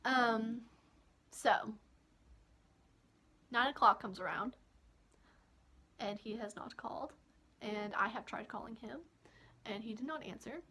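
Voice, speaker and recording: A young woman from Kentucky narrates a personal story in a casual vlog. She is talkative and giggly, and her voice sits a little high. It has a bright, crisp edge. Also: slow, long pauses. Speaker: vlogger.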